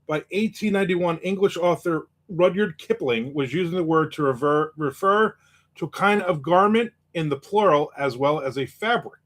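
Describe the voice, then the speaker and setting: A man's voice: fairly high pitch, a bit bright. Joking male livestream host. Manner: joking, quick asides. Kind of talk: casual livestream chat reading viewer comments.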